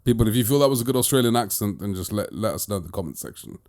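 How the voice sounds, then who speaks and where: Chatty male host, slightly low voice, talks in emphatic repeated phrases. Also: animated, rapid-fire, darkish tone. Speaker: podcast host and disc reviewer. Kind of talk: casual chat.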